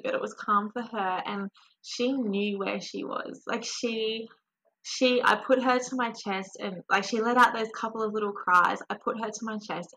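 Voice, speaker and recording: A young woman, a podcast guest, telling her birth story in a warm, animated, emotional way. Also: mid-range voice, a little hiss or hum, rough recording.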